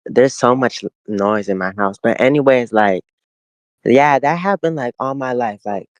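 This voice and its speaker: A young man co-hosts a casual podcast out in his backyard, chatting in a relaxed, thoughtful manner full of fillers. His voice sits at a medium pitch and moves at a normal speed, with no room sound on the recording.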